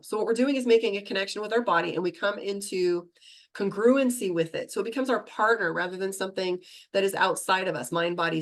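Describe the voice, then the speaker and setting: A middle-aged woman teaching a meditation class, talking fast and chatty and laughing at herself. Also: medium pitch.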